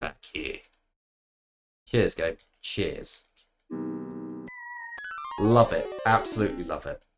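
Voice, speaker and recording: A man's voice: low voice, slow pace, pauses often. A man streaming a video game, rambling in a sarcastic, playfully profane way. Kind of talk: casual rambling stream commentary. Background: background game music.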